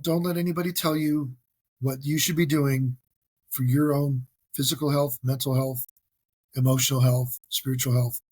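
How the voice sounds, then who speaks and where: A man's voice: medium pitch, husky, no echo. A man hosting a solo podcast, talking in an earnest, self-deprecating way with frequent restarts. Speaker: podcast host. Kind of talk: casual solo podcast monologue.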